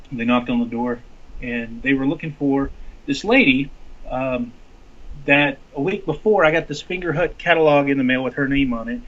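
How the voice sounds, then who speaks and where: Man telling a story over lo-fi audio. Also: medium pitch. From Arkansas. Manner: animated storytelling with many restarts. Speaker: congressional candidate. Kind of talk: casual interview talk. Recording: lo-fi dull audio.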